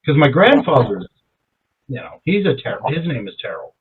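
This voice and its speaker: A man's voice: normal speed, husky. Profane man on a tinny line. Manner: profane, animated storyteller who jumps high in pitch when quoting himself. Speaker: podcast co-host. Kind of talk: casual chat. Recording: tinny phone-like sound.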